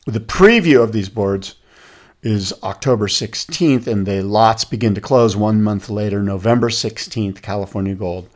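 A man co-hosting a casual podcast, telling stories and jokes in an animated way. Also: lowish voice, moderate pace. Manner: animated storyteller, rattles off lists. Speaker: podcast co-host. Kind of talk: casual chat.

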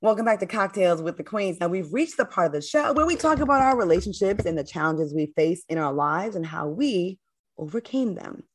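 A woman's voice: on the low side, lively intonation, brisk. A woman hosting a talk show, blunt and fiery in heated panel talk, also reading an ad herself.

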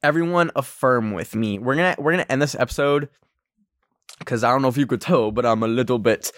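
A man's voice: medium pitch, a little fast, a bit bright, no room sound, studio quality. A young man hosting a casual solo podcast, anxious and rambling, full of filler words. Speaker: podcast host.

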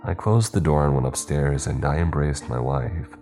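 A man narrating a scripted horror story in the first person, in a steady, even storytelling way. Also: a bass voice, normal speed, music in the background.

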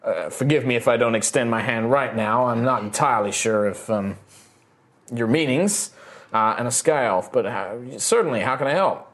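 A man's voice: medium pitch, moderate pace, fairly bright tone, close to an everyday voice. A man voicing a friendly but wary muscular male farmer with a light American Southern drawl, in a tabletop game. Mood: wary polite. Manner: folksy, polite, a little wary.

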